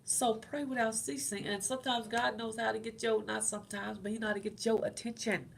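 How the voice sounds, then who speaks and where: A middle-aged woman hosts her own channel, speaking to viewers about faith in a casual, encouraging way and often repeating herself. Her voice sits on the high side with little pitch movement, and it's fairly quick and gravelly. There's slight background noise.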